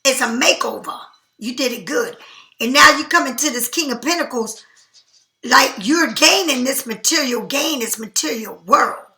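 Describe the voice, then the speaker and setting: A tarot reader goes through a reading in a loose, slangy, animated manner at normal speed. Her voice is high and bright, and the room around her echoes.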